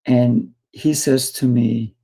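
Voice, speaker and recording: A man's voice: mid-range voice, fairly even intonation, slow, mellow. A man hosting an interview show, telling anecdotes and acting out both sides of the conversations. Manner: tells anecdotes, acts out both sides of dialogues. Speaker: podcast host. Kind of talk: conversational storytelling.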